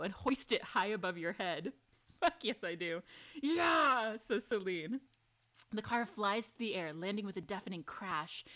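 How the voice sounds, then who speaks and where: A woman streaming a story game, reading its lines aloud and chatting with her viewers, excitable and quick to gasp and swear. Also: medium pitch. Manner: excitable, gasping, laughing and swearing between read lines.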